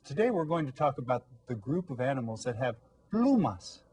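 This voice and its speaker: A man's voice: mid-range voice, very animated, brisk, a little mellow, slightly rough. A man teaching a recorded elementary Spanish lesson, patiently explaining words and prompting children to repeat them.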